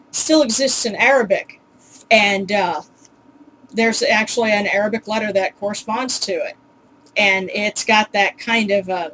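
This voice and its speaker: A woman's voice: mid-range voice, fairly bright tone, a little hiss or hum, poor audio. A woman casually teaching pronunciation in a home video, chatty and full of ums, with wry, exasperated asides. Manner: chatty, with many ums and uhs.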